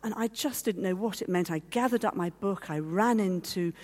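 A woman's voice: medium pitch, moderate pace, darkish tone. A woman giving a heartfelt personal testimony as a guest speaker, telling her story and acting out the voices of others. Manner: heartfelt, at times teary. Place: meeting hall.

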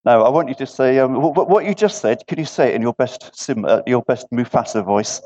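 A man's voice: mid-range voice, fairly quick, mellow. A man preaching an interactive sermon in a church gathering. He keeps asking the listeners questions and checks in with repeated "yeah". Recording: dull lo-fi recording.

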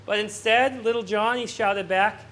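Earnest pastor guy preaching, really high voice, repeats words and restarts a lot. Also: fairly even intonation, normal speed, slight background noise. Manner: rises and swells on emphatic questions, drops soft on somber points. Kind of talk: sermon.

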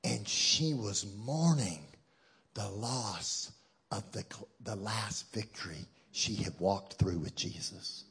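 A male guest preacher delivers a sermon to a church congregation, swinging from hushed, low passages to loud, shouted climaxes, with touches of humor. He speaks at a slow pace, and the audio is slightly rough.

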